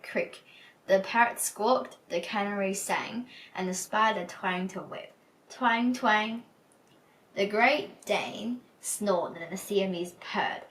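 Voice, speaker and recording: A woman's voice: medium pitch, fairly bright tone, far from the mic, a little hiss or hum, poor audio. Woman reading a picture book aloud. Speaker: storybook reader. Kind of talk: storybook read-aloud.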